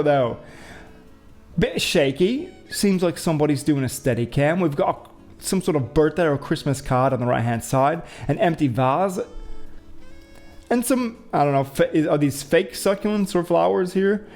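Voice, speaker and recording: Man, casual host, rambly and joking, pitched a little high, talks over faint music. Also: darkish tone. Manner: rambling, thinks aloud, joking asides. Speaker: show host. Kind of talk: casual commentary on window views and news.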